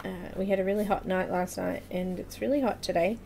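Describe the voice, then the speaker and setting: Mid-range, fairly even in intonation, brisk, gravelly and mellow, this woman's voice comes with slight background noise from an air conditioner running in her home room. She hosts a live coloring tutorial stream, chatting casually, laughing a lot, and greeting viewers by name.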